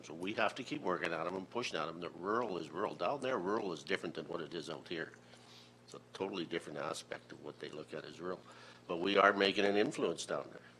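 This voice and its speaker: A man's voice: low-pitched, fairly bright tone. A man from Alberta speaking as a county councillor in a council debate, plainspoken and earnest, repeating his points. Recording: faint hum under the voice.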